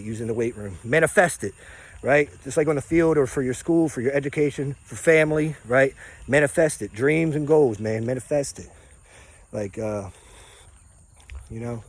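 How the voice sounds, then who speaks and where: A man's voice: medium pitch, a little hiss or hum. A man, a personal trainer, talking outdoors in a rambling, preachy, upbeat monologue full of slang and catchphrases. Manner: preachy, upbeat, repeats catchphrases, drifts off topic; casual slangy delivery with laughs and fillers. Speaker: personal trainer and wellness vlogger.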